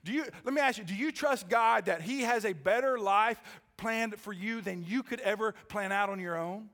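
A man pastor delivering a sermon, emphatic and rousing, often calling out "amen?" to the congregation, then softening into a quiet, earnest appeal. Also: sits high, moderate pace, hardly any pauses. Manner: emphatic preaching with frequent "amen?" calls, dropping to a hushed altar call.

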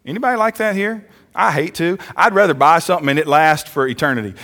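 A man preaching a sermon in church, who often calls for amens and slows down to stress his points. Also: fairly high pitch, fairly bright tone. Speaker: pastor.

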